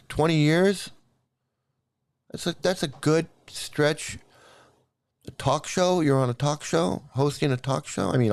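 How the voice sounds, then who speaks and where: Middle-aged man, a bit high-pitched, delivering a profane, repetitive commentary rant to camera, dry sound. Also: smooth, dry recording. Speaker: YouTube commentator. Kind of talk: angry ranting commentary.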